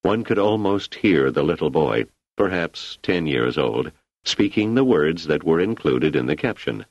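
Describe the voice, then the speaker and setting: A man narrating an audiobook in an expressive storytelling manner. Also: rumbling low, a little slow, dry recording. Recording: slightly muffled lo-fi recording.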